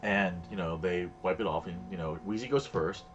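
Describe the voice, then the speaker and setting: A low-pitched man chats casually while streaming a game, telling rambling stories and acting out the voices of the people in them. He talks at a moderate pace with a fairly bright tone, the highs are cut off, and soft music plays behind him.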